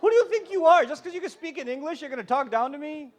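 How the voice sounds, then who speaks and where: A man voicing an indignant immigrant parent who scolds a child in a rapid, mocking tone. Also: very high-pitched, animated, some chatter behind, voice pushed up.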